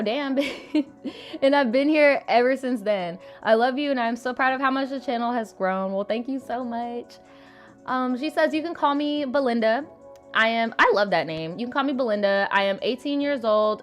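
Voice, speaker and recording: Brief: woman host, casual live-chat style, blunt and profane, quick to laugh, slightly high voice, faint music underneath. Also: a bit bright. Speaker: livestream host reading viewer stories.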